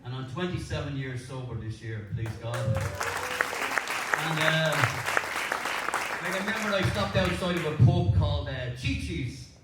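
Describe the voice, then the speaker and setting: A man's voice: fairly high pitch, measured pace, over loud music, a loud crowd. A middle-aged man tells a personal story on stage, chatty and rambling, laughing through his words. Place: live stage before an audience. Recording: echoey venue, distant mic, audience noise.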